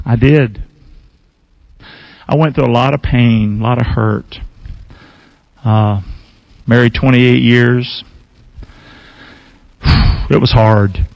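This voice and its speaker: A man's voice: medium pitch, fairly even intonation, takes it slowly, creaky, pauses often, dry recording, dull audio. A man in his sixties, a pastor preaching a folksy, emphatic sermon with call-and-response to his congregation.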